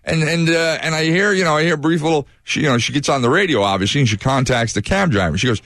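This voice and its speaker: A morning radio host, a man with a slightly high voice, tells a story in an animated way and voices each person in it. His voice is close and dry, with no room sound at all. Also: fast talker, hardly any pauses, no echo. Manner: animated storyteller who acts out quoted voices.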